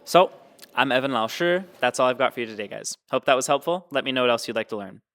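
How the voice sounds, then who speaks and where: A man's voice: medium pitch, lively intonation, fast talker, fairly bright tone. A man teaching Mandarin tones, explaining patiently and demonstrating each sound. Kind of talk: explaining with spoken examples.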